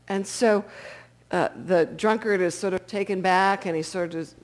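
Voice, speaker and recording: A woman's voice: mid-range voice, fairly even intonation, normal speed. A woman giving a storytelling talk as a spiritual teacher, often checking in with her listeners.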